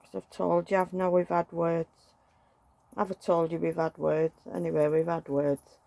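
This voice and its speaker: A woman's voice: on the low side, little pitch movement, moderate pace, gravelly, mellow, no echo. A middle-aged woman, chatting and venting emotionally while dressing a doll at home. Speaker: doll collector vlogger.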